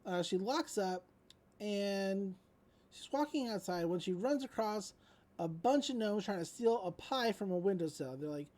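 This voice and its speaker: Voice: medium pitch, lively intonation, measured pace, a little mellow. This is a podcast host in casual recap mode, retelling a cartoon episode scene by scene. The talk is loose and rambling, filled with likes, ums and small restarts, like an easygoing chat between friends.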